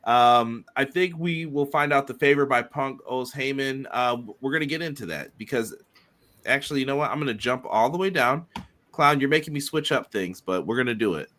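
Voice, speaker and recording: A man co-hosting a casual wrestling podcast, talking in a loose, chatty way. His voice is bright and forward. He keeps stopping to read out comments from listeners. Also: medium pitch, fairly quick. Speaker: podcast co-host.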